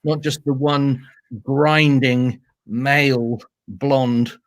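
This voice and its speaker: A British man, a storyteller, telling funny anecdotes in a playful, animated way during a casual interview. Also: medium pitch, drawn-out words. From Britain. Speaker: storyteller guest.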